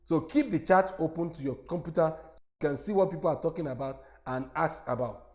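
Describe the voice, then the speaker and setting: A middle-aged man with a Nigerian accent, teaching a webinar on a lapel mic, animated and repeating himself as he talks straight to his listeners. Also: fairly high pitch, brisk.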